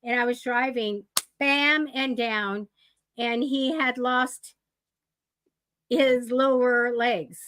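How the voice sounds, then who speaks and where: A woman's voice: a little high, steady tone, takes it slowly, background noise. A woman co-hosting a casual live psychic-reading stream, talking emphatically with stumbling repeats. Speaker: psychic reader co-host.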